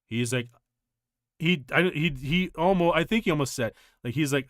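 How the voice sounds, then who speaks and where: A male streamer telling a personal story in casual chat, rambling and halting, with many restarts. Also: on the high side, animated, dry recording, clean studio sound.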